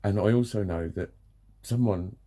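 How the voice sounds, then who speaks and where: A man's voice: lowish voice, moderate pace, dark tone. A man venting in a ranting personal vlog, swearing often and sounding exasperated. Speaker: vlogger.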